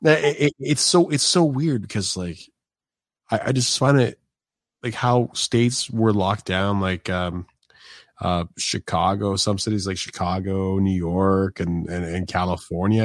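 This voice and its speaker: Male podcast host, low-ish, dry sound, loose rambling delivery. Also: steady tone, a little slow, no room sound. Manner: loose, rambling, many fillers and restarts. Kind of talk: casual interview chat.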